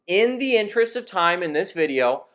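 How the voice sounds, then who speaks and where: A man teaching Spanish in a scripted lesson, explaining verb rules in a clear, methodical way. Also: sits high, very animated, normal speed, fairly bright tone.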